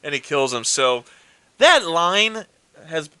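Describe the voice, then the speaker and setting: A man with a fairly high, bright voice retells horror movie plots in a casual chat. He acts out the characters' lines and swears freely. The sound is dry and close. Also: takes it slowly, clear, resonant tone, no room sound. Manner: animated storytelling with swearing and acted quotes. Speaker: co-host.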